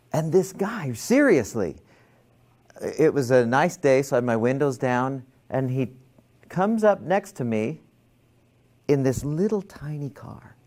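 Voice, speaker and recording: A man's voice: medium pitch, a little mellow. A man teaching a class on stress, talking casually and telling a story with many restarts and fillers. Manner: rambling, self-interrupting storyteller. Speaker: stress management instructor.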